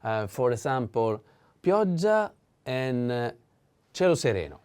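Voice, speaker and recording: A man teaching a language lesson, explaining slowly with frequent fillers and pauses. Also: mid-range voice, big pitch swings, background noise.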